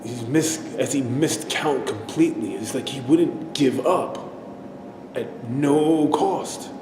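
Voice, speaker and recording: A man performing a dramatic stage monologue, speaking haltingly and repeating himself as he recounts a disturbing memory. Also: natural voice. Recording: echoey hall, faint rumble.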